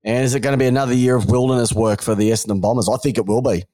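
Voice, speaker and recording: Talking very fast at a medium pitch, this Australian man co-hosts a podcast and rants animatedly about football. The banter is casual but blunt and full of mockery.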